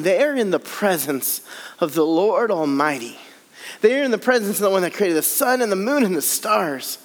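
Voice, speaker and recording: A man giving a storytelling sermon at a camp, acting out the scenes and dropping soft and low when quoting scripture. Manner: dramatic, acts out scenes, drops low and soft for scripture quotes. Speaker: camp speaker. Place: large hall at a camp. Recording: long hall reverb.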